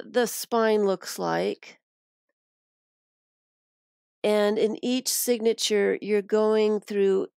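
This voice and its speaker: A woman's voice: medium pitch, creaky, darkish tone, no echo, studio quality. A woman on a live stream, showing a craft and thinking aloud as she works.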